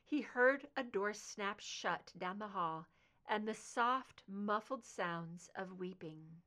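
A woman reading fan fiction aloud, narrating in an expressive, emotive way. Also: mid-range voice, slow. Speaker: audiobook reader.

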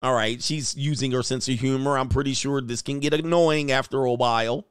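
A man's voice: mid-range voice, a little fast, clean tone, dry recording, clean studio sound. Joking man reacting to clips. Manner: joking, animated, laughs often, slang-heavy. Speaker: commentary host. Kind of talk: casual reaction commentary.

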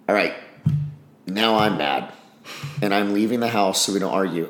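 A man's voice: sits low, a little fast, echoey room. A man speaking in a casual interview, blunt and frank, swearing and acting out bits of dialogue. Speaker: podcast guest, army special operations veteran.

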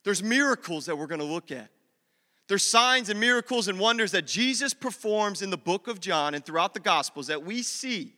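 A male pastor preaching a sermon in a church, telling a story with lively acted-out dialogue. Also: high-pitched, normal speed, in a large hall. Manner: animated storytelling, acts out dialogue.

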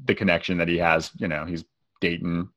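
A man's voice: sits low, little pitch movement, fairly quick, fairly bright tone. A man co-hosting a film review podcast, chatting casually and rambling with many restarts.

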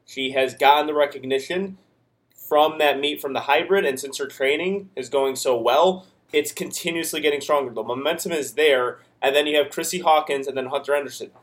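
A man's voice: on the high side, fairly quick. Emphatic man building hype. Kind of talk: casual sports chat.

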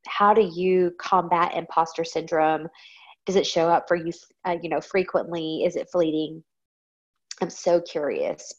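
A woman's voice: low-pitched, muffled recording. A woman hosting her own podcast, talking candidly and reflectively with frequent ums. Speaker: podcast host. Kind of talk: casual solo podcast talk.

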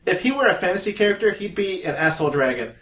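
A man co-hosting a podcast, swearing freely and telling stories with plenty of laughter. His voice sits a little high for a man. The room around him is echoey. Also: fast talker. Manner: profane, laughs often, animated storytelling. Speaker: podcast co-host. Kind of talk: casual chat.

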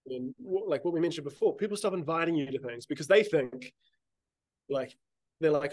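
A man's voice: on the high side, animated, normal speed, darkish tone, dry recording, clean studio sound. A man who is a guest on a podcast, talking in a casual, teasing and emphatic way, swearing freely.

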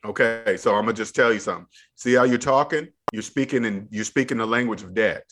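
A man's voice: fairly low pitch, brisk, fairly bright tone. A man coaching a younger guest on money, emphatic and preachy, repeating his points in casual podcast chat. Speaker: debt-free money coach.

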